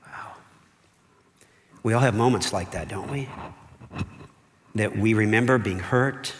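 A man's voice: fairly low pitch, a little slow. A man, a pastor, delivering a conversational sermon, often checking in with "okay?" and "right?". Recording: long hall reverb.

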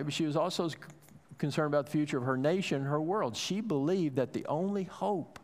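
A pastor in his fifties preaching a sermon, telling a family story in a loose, conversational way with many fillers, then rising into urgent encouragement. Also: on the high side. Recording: long hall reverb.

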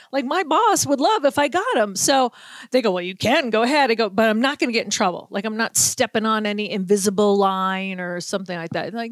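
A woman from Boston, hosting a sports talk show, telling a story in a brisk, animated way and acting out everyone's lines. Her voice sits on the higher side, and the recording is dry and close. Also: no room sound. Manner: lively anecdotes with acted-out quotes and laughter. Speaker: sports reporter, podcast host. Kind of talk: casual storytelling chat.

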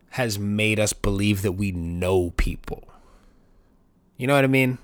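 A podcast host delivers a casual, rambling, profanity-filled monologue, his voice leaping up animatedly whenever he acts out other people. His voice is on the low side at normal speed, with no room sound.

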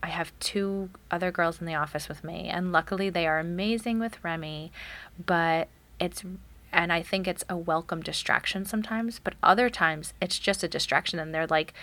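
Woman, 30s, casual mom chat, lowish pitch, bright tone. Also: normal speed. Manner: chatty, acts out quotes of her child. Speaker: podcast co-host, mother of a toddler.

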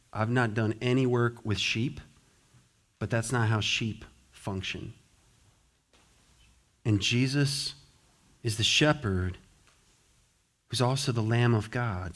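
A man preaching a sermon as pastor, swinging between hushed, slow phrases and loud, fervent passages. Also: lowish voice.

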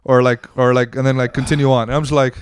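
A man, a stand-up comedian, tells a story at a quick clip in a casual podcast chat. His voice is clear and smooth, recorded close and dry. He is animated, swears freely and acts out every line of dialogue. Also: medium pitch, dry recording.

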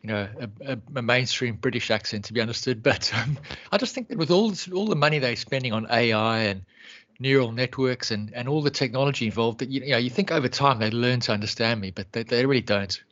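A man's voice: medium pitch, fast, fairly bright tone. A man with a South African accent and a mid-range voice chats on a podcast. He talks hesitantly, often repeating his words and laughing lightly. The sound is dull and lo-fi. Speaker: podcast co-host. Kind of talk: casual podcast chat.

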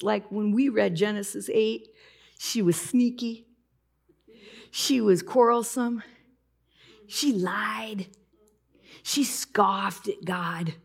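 A woman preaching in church with a gravelly, creaky edge to her voice. She talks casually and personally, moving from easy chat into tearful emotion as she tells her story. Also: medium pitch. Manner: conversational, emotional, breaks into tears while retelling.

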